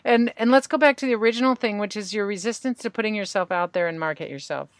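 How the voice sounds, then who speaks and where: Talking fast at a medium pitch, a woman hosting a podcast calmly guides her guest through tapping points and repeat-after-me phrases as a tapping practitioner. No room sound comes through.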